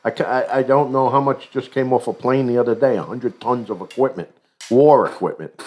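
A podcast co-host in casual political chat, plainspoken and prone to repeating words. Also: male voice, medium pitch, brisk, a little mellow, breathy edge.

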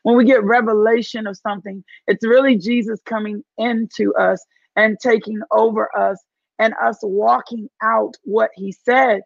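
A woman's voice: on the high side, steady tone, normal speed, gravelly, no room sound, lo-fi sound. A woman with a Southern accent leading a live-streamed devotional, preaching fervently and repeating phrases for emphasis. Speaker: women's ministry leader hosting a live stream.

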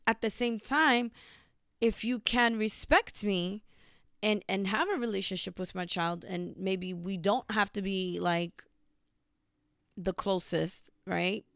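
A woman's voice: medium pitch, slow, vocal fry, fairly bright tone, dry recording, studio quality. A young woman hosting a talk show, speaking bluntly and emphatically in a casual monologue. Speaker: podcast host.

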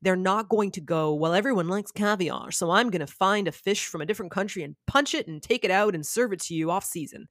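A woman guest in casual conversation, telling stories with lively acted-out quotes. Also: medium pitch, brisk, hardly any pauses, no room sound, studio quality. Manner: animated storyteller, acts out quotes. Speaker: podcast guest. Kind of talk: casual chat.

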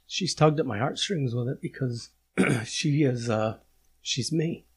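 A man's voice: medium pitch, breathy edge. A man hosting a casual podcast chat, talking with emotion and restarting his sentences often. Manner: emotional, halting, many restarts. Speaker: podcast host.

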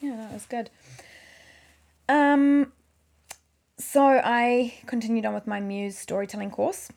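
A woman's voice: fairly high pitch, steady tone, takes it slowly, creaky, a little mellow. A woman, rambling and correcting herself in casual chat about her video work. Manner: chatty, rambling, self-correcting. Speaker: video maker.

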